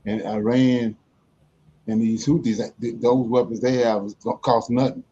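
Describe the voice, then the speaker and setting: A man's voice: medium pitch, steady tone, normal speed, dark tone, highs cut off, a little hiss or hum. A man making emphatic, informal points in a casual group discussion of Bible study. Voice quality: informal, emphatic, vernacular speech.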